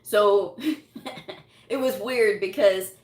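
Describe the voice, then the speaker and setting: A woman's voice: mid-range voice, very slow, a little mellow. A woman telling a personal story in a casual, chatty way, laughing often and quoting what people said to her. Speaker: medical coding vlogger. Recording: echoey room.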